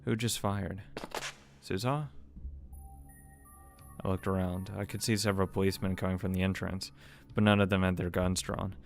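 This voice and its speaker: A man's voice: sits low, completely flat delivery, quick pace, hardly any pauses, soft background music. A man reading a visual novel aloud, who stumbles over words, restarts them, and swears in casual asides. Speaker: let's play narrator.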